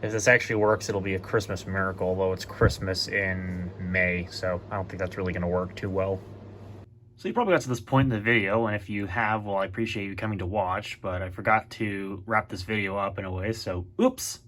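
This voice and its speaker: Rambling low-voiced man showing laptops. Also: fairly even intonation, fairly quick, fairly bright tone, slight background noise. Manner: rambling, self-correcting, thinks aloud. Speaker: tech vlogger. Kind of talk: casual tech walkthrough vlog.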